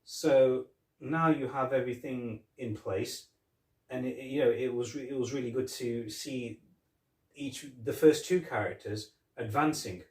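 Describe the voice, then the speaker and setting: A man chatting on a podcast, acting out quoted lines as he goes. His voice sits at an everyday pitch. He is miked from a distance in a roomy space. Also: measured pace. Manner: animated storytelling, retelling scenes with quoted lines and laughs. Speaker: podcast co-host. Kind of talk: casual chat.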